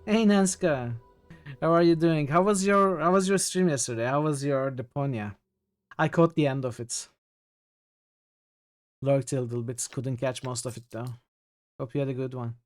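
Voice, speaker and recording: A man's voice: medium pitch, normal speed, long pauses. A male streamer with a mid-range voice reads game text aloud, then chats easily with his viewers. Faint game music plays behind him. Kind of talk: casual game-stream commentary and reading aloud.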